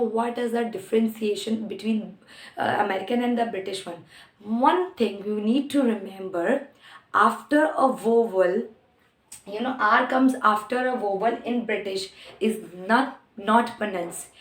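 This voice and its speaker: Slow, repeating woman teacher, echoey room. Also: a little high. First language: Hindi. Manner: repeats words slowly for practice. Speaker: English teacher. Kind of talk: online lesson explaining pronunciation.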